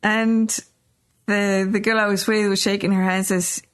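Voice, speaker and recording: A woman's voice: medium pitch, level tone, normal speed, clear, resonant tone. Middle-aged woman telling a story. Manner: rambling, anecdotal, many fillers and restarts. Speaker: podcast host. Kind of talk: casual storytelling chat.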